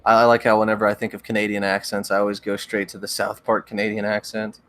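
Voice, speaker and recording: A young man hosting a livestream, chatting casually with viewers in a relaxed, rambling way with frequent stammered restarts. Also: on the low side, fast talker, no room sound. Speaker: livestream host. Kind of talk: casual chat reading viewer comments.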